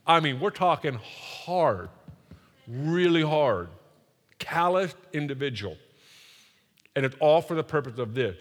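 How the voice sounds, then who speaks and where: A man preaching a sermon in a church, energetic and joking, leading the congregation to repeat phrases after him. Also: on the high side, measured pace, pauses often. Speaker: pastor. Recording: long reverb of a large hall.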